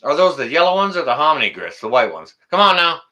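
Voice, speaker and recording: A man's voice: fairly high pitch, big pitch swings, fast talker, bright, forceful tone. A man hosting a casual live stream, rambling, teasing his guest and reading out viewer comments.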